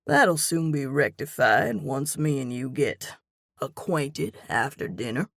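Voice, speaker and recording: A woman's voice: a bass voice, lively intonation, slow pace, vocal fry, fairly bright tone, dry recording, studio quality, pitched below the performer's own voice, exaggerated voice. A woman voicing a cocky, leering young man in an audiobook, with a brash, smug drawl.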